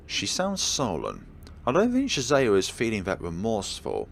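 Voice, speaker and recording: A man reading a horror visual novel aloud, narrating in an expressive, dramatic first-person voice. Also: lowish voice, normal speed, vocal fry, a little hiss or hum. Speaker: let's play host and reader.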